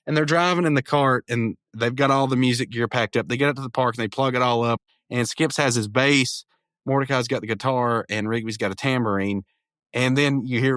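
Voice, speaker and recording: A man's voice: mid-range voice, a bit bright, no echo. Eager man recapping a cartoon, dry mic. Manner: enthusiastic retelling with quick character impressions; stammering restarts. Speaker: podcast host. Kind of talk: casual episode review.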